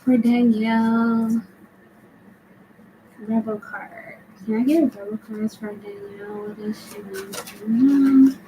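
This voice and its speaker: A woman's voice: fairly high pitch, fairly even intonation, slow pace, background noise. A young woman hosting a live tarot stream, chatty and laughing often as she answers viewers. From United States. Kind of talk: casual live-stream chat.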